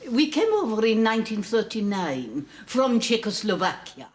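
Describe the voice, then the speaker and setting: An actress in a sitcom playing an elderly Czechoslovakian mother who speaks with an Eastern European accent in a slow, lilting way. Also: on the high side, very animated. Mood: apologetic. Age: older. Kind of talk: sitcom acting.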